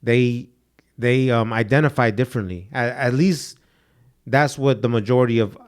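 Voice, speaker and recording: A man's voice: mid-range voice, steady tone, moderate pace. A young man co-hosting a podcast, telling stories in loose, slangy talk with "dude" and Spanish words mixed in. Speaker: podcast co-host. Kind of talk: casual podcast chat.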